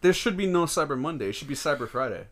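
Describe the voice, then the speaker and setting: A young man co-hosting a casual podcast chat, laid-back and agreeable, often answering with a quick yeah and some swearing. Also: on the high side, expressive, a bit bright. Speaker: podcast co-host.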